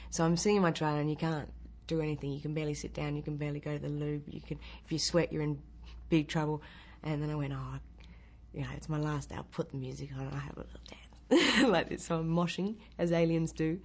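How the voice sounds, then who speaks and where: An actress telling an interview anecdote in a lively way, acting out the lines she quotes. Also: sits low, creaky.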